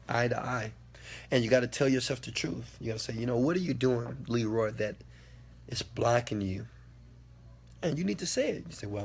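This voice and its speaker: A man giving an impassioned motivational talk, preachy and repetitive, swearing at times, his volume swinging from quiet to loud. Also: mid-range voice, vocal fry, slightly rough. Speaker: motivational speaker answering a question.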